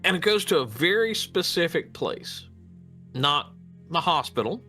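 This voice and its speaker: A man's voice: a little high, sing-song, unhurried, sharp tone, faint music behind. A man with a Midwestern American accent, chatting as a guest on a casual podcast in a rambling, hesitant way. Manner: rambling, hesitant, with many restarts. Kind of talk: casual chat.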